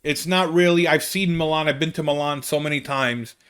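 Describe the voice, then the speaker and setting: An American comedian chatting casually about a trip, rambling and interrupting himself, often checking in with "okay?". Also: male voice, a little high, fairly even intonation, fairly quick, fairly bright tone, clean tone. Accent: American English. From United States. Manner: rambling, self-interrupting, keeps asking "okay?". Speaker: comedian telling a travel story. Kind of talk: casual chat.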